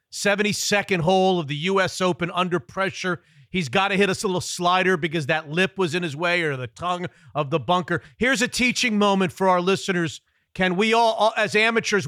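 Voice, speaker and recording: A man hosting a sports radio interview, asking brisk, joking questions about golf. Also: high voice, sharp tone, no room sound, clean studio sound. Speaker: radio host.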